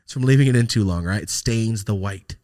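A man with a somewhat low voice tells a story on his podcast in loose, casual chat. He swears a lot and acts out the voices of the people in it. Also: a little fast. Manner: profane, animated, acts out voices in his stories. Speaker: podcast host.

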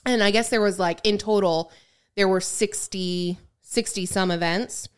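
A woman's voice: medium pitch, steady tone, unhurried, smooth. A woman co-hosting a podcast in casual chat, talking through entertainment news with plenty of filler words. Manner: chatty, reads out news items with filler words. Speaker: podcast co-host.

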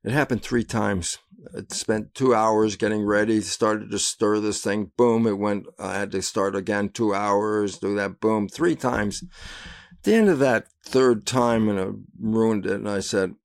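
An older man, a guest in an interview, telling lively anecdotes and acting out the voices in them. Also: fairly low pitch, measured pace. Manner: animated storyteller who acts out voices and laughs at his own anecdotes. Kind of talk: casual interview storytelling.

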